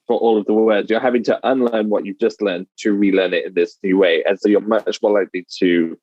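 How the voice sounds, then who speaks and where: A man with a Midlands English accent, a dialect coach explaining his methods in a podcast interview in a measured way. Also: lowish voice, fairly even intonation, a little mellow, lo-fi sound. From England.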